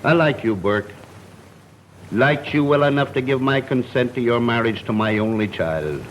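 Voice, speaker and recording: A man's voice: medium pitch, normal speed, slight background noise, natural voice, poor audio. An actor playing a stern middle-aged police chief and father in 1930s film acting, formal and firm.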